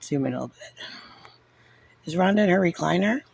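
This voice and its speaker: A man's voice: sits high, lively intonation, a little fast, gravelly, a little hiss or hum. A man giving casual, sarcastic and frustrated reaction commentary on a recorded meeting, saying "like" constantly. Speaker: parent reviewing a recorded meeting.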